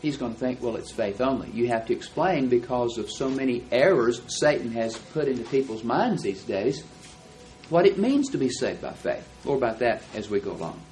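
Guy teaching a bible class, reads verses slow and careful, bit of faint hiss behind. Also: medium pitch, animated, a little mellow, rough recording. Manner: explanatory, reads verses slowly and deliberately.

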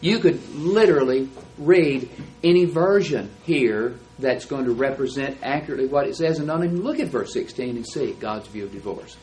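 A man's voice: mid-range voice, normal speed, few pauses, darkish tone, poor audio. A man teaching a Bible class, explaining texts in an emphatic, lecturing way. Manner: emphatic, explanatory, stresses key words.

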